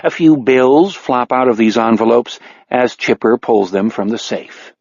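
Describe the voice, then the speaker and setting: A man's voice: medium pitch, measured pace, creaky, darkish tone, no echo. Man narrating a wry audiobook. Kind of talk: scripted narration. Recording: dry, slightly dull audiobook recording.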